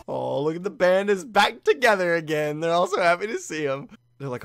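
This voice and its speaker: Excitable young man reacting to anime. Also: on the high side, no room sound, clean studio sound. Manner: excited, laughing, mimics characters in quick asides. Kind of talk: casual reaction commentary.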